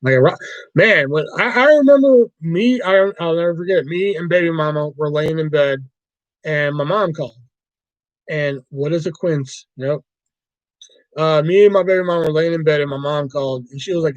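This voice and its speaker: A man's voice: a little high, fairly quick, no echo, rough recording. A man hosting a livestream, chatting casually about movies in a rambling, profane way. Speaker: livestream host.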